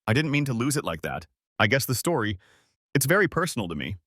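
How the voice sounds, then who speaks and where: A man's voice: mid-range voice, very animated, quick pace, a bit bright, no echo, studio quality. A man voicing a distraught woman who confesses through tears, her voice shaky and stammering.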